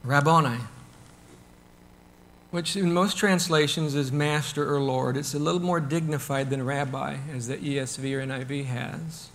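A man preaching a sermon in a conversational, animated way, asking rhetorical questions and loudly acting out the crowd. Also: fairly high pitch, normal speed, few pauses, a little hiss or hum. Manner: animated, acts out the crowd and shouts with sudden bursts. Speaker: pastor.

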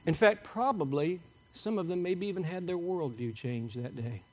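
A man preaching a sermon, animated and emphatic, asking the congregation rhetorical questions. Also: on the high side, moderate pace. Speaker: pastor.

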